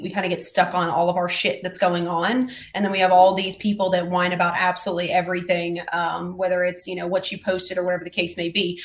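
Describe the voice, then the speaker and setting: A woman's voice: lowish voice, reverberant. Frank young woman with a Southern accent. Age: young adult. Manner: frank, swears freely, laughs easily. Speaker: caller. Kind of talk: casual political chat.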